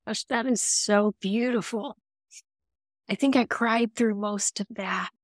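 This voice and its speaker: A woman's voice: on the high side, takes it slowly, no room sound, clean studio sound. A woman hosting a faith interview, giving affirming, heartfelt responses. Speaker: podcast host. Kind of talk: interview chat.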